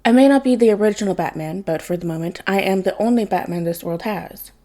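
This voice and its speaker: A woman's voice: medium pitch, fast talker, mellow, natural voice. A woman reading the part of a cocky young man who is posing as a masked vigilante, smug and theatrical. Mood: deadpan.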